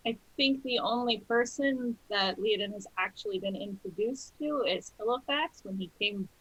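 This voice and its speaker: A woman's voice: mid-range voice, normal speed, a bit bright, breathy edge. A woman playing a tabletop game, making dry, wry remarks. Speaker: player. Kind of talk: casual tabletop game play. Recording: dull lo-fi recording.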